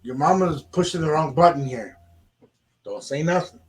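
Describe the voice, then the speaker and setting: Animated man telling a story. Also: a little high, normal speed. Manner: animated, acts out quoted dialogue. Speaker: radio show host. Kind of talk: casual storytelling chat.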